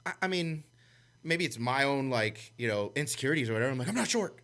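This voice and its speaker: Bright, fast-talking man. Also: mid-range voice, lively intonation, clear, resonant tone. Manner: rambling, self-interrupting, laughs often. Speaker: podcast co-host. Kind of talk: casual chat.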